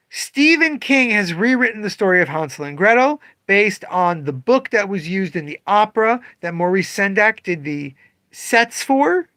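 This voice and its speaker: A man with a high-sitting voice talks casually on a livestream about the comic shop he owns, animatedly voicing his customers. The recording is dry.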